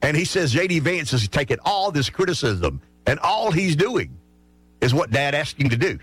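A man's voice: a little high, very animated, normal speed, slightly rough, dry recording, soft background music. A male talk radio host giving rambling political commentary, full of restarts and asides.

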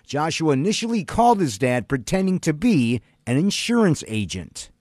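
Man morning radio host, lively swooping delivery, dry studio sound. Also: fairly high pitch, normal speed, no room sound. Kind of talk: radio morning show patter.

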